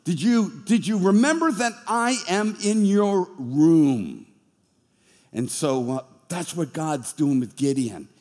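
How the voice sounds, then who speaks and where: Jokey, animated preacher, man, fairly high voice, preaching in a reverberant church hall. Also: slow. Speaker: pastor. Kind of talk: sermon. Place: church hall being filmed for streaming.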